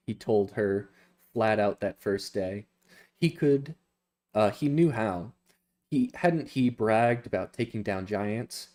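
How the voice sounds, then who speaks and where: Man reading a fantasy book live, warm low voice, trips on words and fixes them. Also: a little slow. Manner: reads with frequent slips and self-corrections. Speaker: reader.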